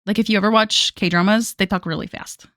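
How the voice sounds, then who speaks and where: A woman's voice: medium pitch, steady tone, fairly quick, fairly bright tone, dry recording. Woman, casual streamer; chatty, self-mocking, laughs a lot; dry, close sound. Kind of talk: casual live-stream chat.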